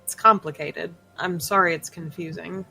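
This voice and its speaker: A woman's voice: on the low side, fairly even intonation, normal speed, creaky, sharp tone, faint music behind, poor audio. A woman playing a tabletop game, narrating her character casually and laughing often. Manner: laughs often, rambling with fillers. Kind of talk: casual role-play narration.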